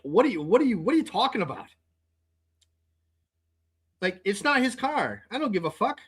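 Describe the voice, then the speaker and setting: A man's voice: high-pitched, very animated, moderate pace, fairly bright tone, husky. A man hosting his own show, telling a long story in an exasperated, profane rant and often repeating words as he talks. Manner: exasperated, heavy swearing, repeats himself. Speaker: podcast host. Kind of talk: casual ranting monologue.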